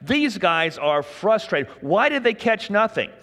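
Male pastor, folksy sermon, chatty with the crowd, slightly high voice, reverberant hall. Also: big pitch swings, measured pace, a bit bright. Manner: folksy, conversational, jokes with the congregation.

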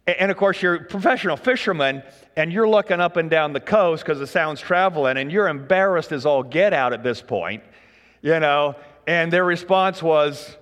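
A man preaching a sermon in a relaxed, folksy way, joking with the congregation. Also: a little high, moderate pace, big-room sound. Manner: folksy, conversational, jokes with the congregation. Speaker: pastor.

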